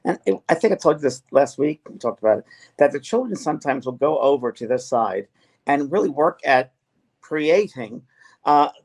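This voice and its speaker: A man's voice: fairly high pitch, expressive, moderate pace, breathy edge. A middle-aged man, a medium hosting a casual conversation about spirit messages, earnest, with frequent restarts and repetitions. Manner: earnest, repeats himself with many restarts. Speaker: medium and show host.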